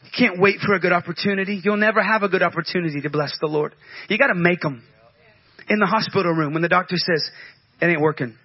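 High-voiced, fervent male preacher. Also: fast talker, slightly rough, dry recording, lo-fi sound. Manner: fervent preaching with call-outs, acts out prayers. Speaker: pastor. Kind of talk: sermon.

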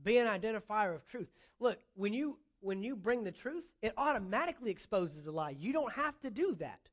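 A man's voice: high-pitched, animated, fairly quick. A man preaching a sermon as a pastor, earnest, with rising emphasis, quoting imagined dialogue.

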